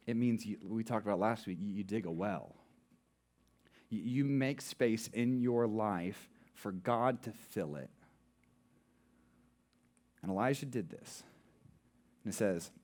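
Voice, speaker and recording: A married man who preaches as a pastor, posing rhetorical questions and slowing down for emphasis. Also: lowish voice, darkish tone. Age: adult, married. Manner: rhetorical questions, dramatic slowing on key words. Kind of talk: sermon.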